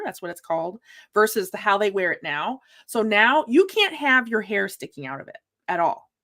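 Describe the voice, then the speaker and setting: A young adult woman hosting a casual podcast livestream from home, telling stories in an animated way and acting out her own reactions. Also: medium pitch, dry recording, studio quality. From Washington state. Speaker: podcast host.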